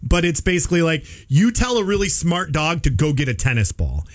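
A man's voice: a little high, big pitch swings, brisk. A man co-hosting a casual talk show, explaining a news story with everyday analogies. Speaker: podcast co-host. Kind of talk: casual chat.

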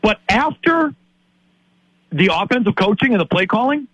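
A man's voice: high voice, animated, moderate pace, fairly bright tone, slightly rough, dry recording, muffled recording. A man in his late fifties from Wisconsin, a sports talk host ranting in exasperation and tripping over repeated words. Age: 50s.

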